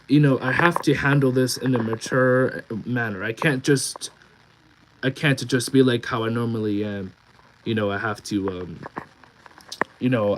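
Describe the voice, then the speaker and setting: A man's voice: on the low side, noisy background. A young man streaming live and chatting casually, reading comments from his viewers aloud and rambling with many restarts.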